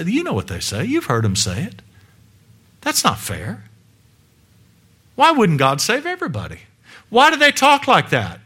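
A fairly high-pitched male preacher addresses a congregation in a church room. His sermon is emphatic and full of rhetorical questions, and he alternates between booming and hushed delivery.

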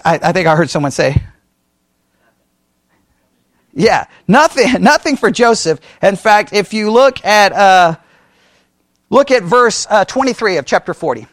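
A man's voice: sits high, lively intonation, moderate pace, fairly bright tone, no echo. A man preaching as a pastor, in a conversational way, quizzing his listeners with questions and often restarting his sentences. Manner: frequent self-corrections and restarts. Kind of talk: sermon.

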